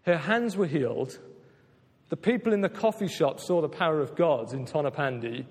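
A man preaching with earnest, emphatic conviction, his voice sitting a little higher than most men's. His words ring out with a long reverb tail, as if spoken in a large hall. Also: lively intonation, normal speed. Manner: earnest, emphatic, repeats "just maybe" and "right?". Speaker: pastor. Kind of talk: sermon.

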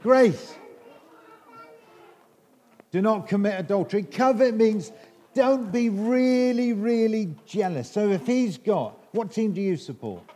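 A man's voice: sits high, lively intonation, slow, warm tone. A middle-aged English man preaching an all-age sermon, quizzing children in a playful, teasing way.

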